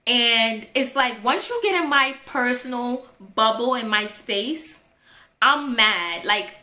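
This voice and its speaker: A young woman tells a story from her school days in a bright, forceful voice that sits a little high. She tells it casually and dramatically and acts out every voice in it. The room around her sounds echoey. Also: a little slow. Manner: animated, dramatic retelling with quoted voices.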